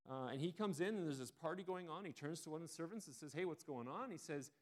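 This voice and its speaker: A man preaching a sermon, retelling a story in a relaxed, conversational way with frequent restarts. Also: on the high side, fast.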